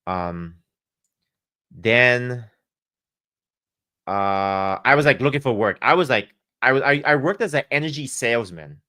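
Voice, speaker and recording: A man's voice: medium pitch, animated, unhurried, pauses often, sharp tone. A man telling a long, rambling story on a casual podcast, full of swearing and fillers. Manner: profane, rambling, many fillers. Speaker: podcast guest.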